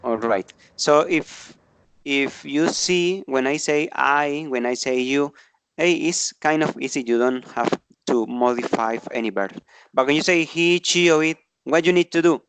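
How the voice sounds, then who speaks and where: A man's voice: a little high, a little slow, fairly bright tone, smooth, dry recording. A man teaching an online English grammar class, explaining patiently and often checking in with tag questions.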